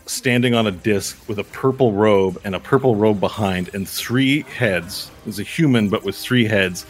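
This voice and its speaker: A man running a tabletop game as game master, narrating a space battle in an excited, rambling way full of fillers. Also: on the low side, normal speed, soft background music.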